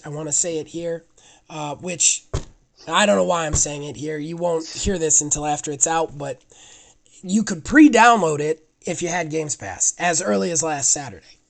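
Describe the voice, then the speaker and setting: A man co-hosting a casual podcast, talking in an excitable, rambling way and often restarting his sentences. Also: fairly high pitch. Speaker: podcast co-host.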